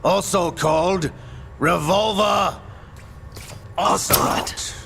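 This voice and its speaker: An actor playing a cunning older mercenary in a video game cutscene, speaking in sneering, theatrical pronouncements. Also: male voice, sits high, takes it slowly, vocal fry, background noise, exaggerated voice. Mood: scornful. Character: cunning older male mercenary, cold and mocking. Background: game score music.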